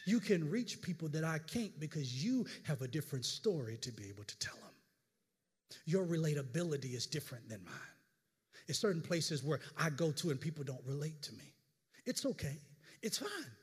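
High-voiced pastor preaching in a reverberant hall. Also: male voice, a little fast, husky. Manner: animated storytelling with stammered repeats. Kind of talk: sermon.

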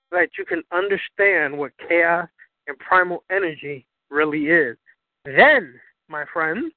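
A man's voice: sits high, no echo. Profane, preachy man on a phone line. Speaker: spiritual teacher. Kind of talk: impassioned lecture on a call-in broadcast. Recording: dry tinny phone line.

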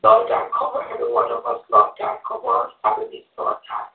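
An earnest, fervent woman testifies and prays aloud on a church call, her pitch swinging widely as she repeats her invocations. She sounds distant from the microphone, in an echoey room, and the sound is narrow and phone-like. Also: huge pitch swings, fairly quick, vocal fry. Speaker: evangelist, church member. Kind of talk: testimony and spoken prayer on a group call.

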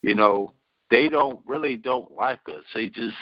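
A man's voice: medium pitch, measured pace, no echo. Man speaking through a dull, muffled line. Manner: repeats himself, restarts phrases. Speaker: co-host. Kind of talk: casual opinion talk.

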